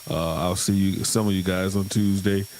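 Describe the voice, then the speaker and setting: A man with a lowish voice talks casually on a podcast. He is friendly and polite and sounds a little hurried. A faint hum runs underneath. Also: fairly even intonation, darkish tone, poor audio. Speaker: podcast guest. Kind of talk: casual sign-off.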